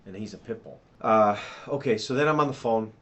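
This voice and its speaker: A man giving a rambling, fast account to police as a witness, restarting sentences and sketching a map while he talks. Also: fairly low pitch, muffled recording. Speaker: witness being interviewed by police. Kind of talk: police interview statement.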